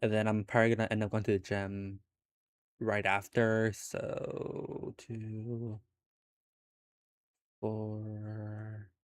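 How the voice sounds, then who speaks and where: A man's voice: on the low side, level tone, a little fast, clean tone, no echo, clean studio sound. A young adult man streaming from home, chatting casually with his viewers in a laid-back way, laughing often and swearing now and then. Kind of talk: casual chat with live viewers.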